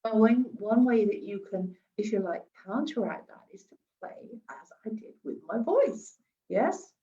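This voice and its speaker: Woman, coaching talk, chatty with restarts, sweeping pitch, dull lo-fi sound, far from mic. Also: animated, a little slow, mellow. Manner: chatty, repeats and restarts words, plays with her pitch. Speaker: wellness coach. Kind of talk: live-streamed advice talk.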